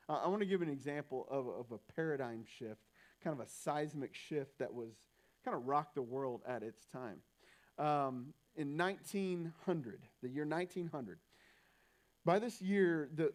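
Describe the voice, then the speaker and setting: A man's voice: fairly high pitch, a little mellow. A young man preaching a sermon in a church, talking in a loose, conversational way with frequent restarts. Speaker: pastor.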